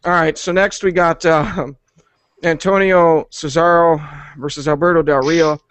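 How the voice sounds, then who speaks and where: A man hosting a wrestling review show in a relaxed, chatty way. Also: a little high, unhurried, clean tone, no room sound.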